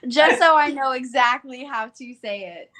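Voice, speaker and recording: A woman's voice: high voice, slow pace, fairly bright tone. A woman with a Southern American accent, co-hosting a casual live-stream chat on a video call, giggly and full of "like". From southern United States. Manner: chatty, giggly, lots of "like" fillers. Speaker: readathon co-host.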